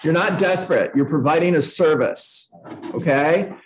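A man's voice: on the high side, moderate pace, rough recording. A man giving a live training talk to real estate agents, emphatic, often repeating himself and acting out sample phone calls.

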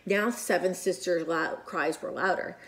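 A woman reading a picture book aloud to children in an expressive, animated way with whispered asides. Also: on the low side, a little slow. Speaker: children's storyteller.

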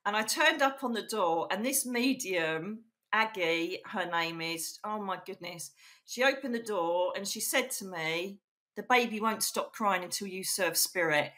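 A woman's voice: mid-range voice, unhurried, sharp tone. A middle-aged woman from England, a psychic medium, telling her life story in a chatty, emphatic way, full of "you know" and "literally". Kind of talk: casual storytelling interview.

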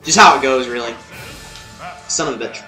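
A young man commentating his own gameplay, swearing, yelling and muttering at the game. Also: medium pitch, normal speed, reverberant, soft background music. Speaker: let's play gamer.

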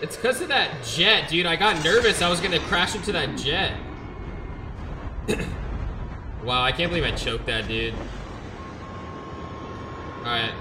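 A young man streaming a game live, excitable and trash-talking, shouting when he gets frustrated, on a gaming headset. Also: fairly high pitch, unhurried, long pauses, echoey room, noisy background.

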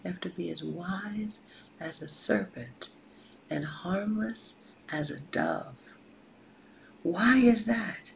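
A woman gives a motivational talk as a life coach, with a gravelly voice. She often drops to a whisper to stress a point and slips into casual slang, repeating her lines like a preacher. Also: fairly low pitch, lively intonation, takes it slowly, long pauses, slight background noise, low-quality recording.

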